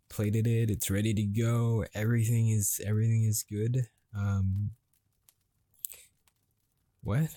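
An actor playing a frustrated husband confronting his wife at dinner, halting and swearing as he grows angrier. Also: lowish voice, no room sound. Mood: pleading. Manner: halting, swearing, escalating to yelling. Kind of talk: improvised dramatic monologue.

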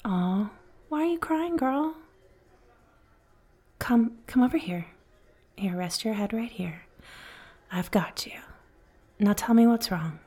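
A flirty, caring bartender, played by a woman in a whispered role-play, her voice gravelly and breathy. She speaks in an unhurried, hushed way, soothing and teasing at once, at a middling pitch. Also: fairly even intonation. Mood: tender. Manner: soft, slow, soothing, teasing.

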